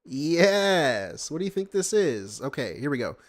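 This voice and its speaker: A hoarse man reacting to a stream clip with casual, profane, mocking commentary. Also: a little high, big pitch swings, unhurried.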